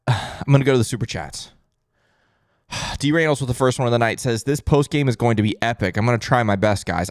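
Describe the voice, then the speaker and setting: Male podcast host, excitable and stunned, very animated delivery, dry close sound. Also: no room sound. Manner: stunned, excitable, voice swinging high and low. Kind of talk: postgame fan podcast.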